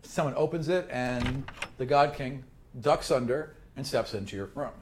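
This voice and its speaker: A man narrating as game master of a tabletop role-playing game, describing scenes in a lively, vivid way. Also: medium pitch, normal speed, a little hiss or hum.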